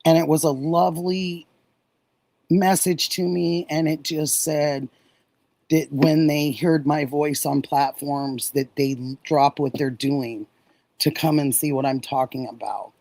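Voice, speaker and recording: Slow-talking chatty woman host. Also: sits low, steady tone, no echo, rough recording. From Oregon. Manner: warm, gushing, reads and answers chat messages. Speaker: livestream host. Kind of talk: casual livestream chat with viewers.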